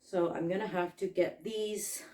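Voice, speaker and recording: A woman's voice: lowish voice, fairly even intonation, a little slow, mellow. A woman crochet vlogger chatting casually, rambling and joking at her own expense. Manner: rambling, chatty, self-deprecating.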